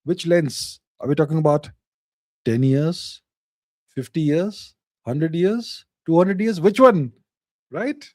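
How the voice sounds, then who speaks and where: Male host, slightly high mellow voice, emphatic repetition, dry close sound. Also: slow pace, long pauses, dry recording. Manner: reads viewer questions aloud, then answers in short emphatic, repeated phrases. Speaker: host answering live chat questions. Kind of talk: casual live Q&A monologue.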